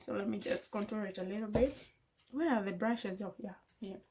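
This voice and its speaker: A woman's voice: mid-range voice, normal speed, background noise. A young woman, a beauty vlogger, chatting with feeling and firing off rhetorical questions while she does her makeup at home. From Africa. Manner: impassioned, full of rhetorical questions. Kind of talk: casual chat while doing makeup. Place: indoors at home.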